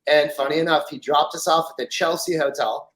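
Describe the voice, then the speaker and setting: A rough recording captures a middle-aged man from France with a fairly high, fairly bright voice, brisk and fairly even in intonation. Guesting in a casual storytelling interview, he rambles through long tales packed with fillers, acting out quoted voices.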